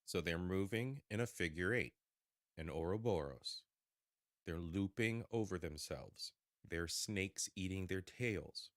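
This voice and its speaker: A man hosting a reaction show, talking excitedly and repeating himself as he speaks to viewers. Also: deep voice, a little slow, no room sound, clean studio sound. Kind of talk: reacting to a video.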